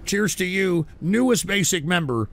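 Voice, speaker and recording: A man hosting a livestream and reading chat aloud, swearing constantly and shouting back at viewers. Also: high voice, lively intonation, normal speed, gravelly. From Texas. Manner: profane, combative, shouts at chat. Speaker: livestream host.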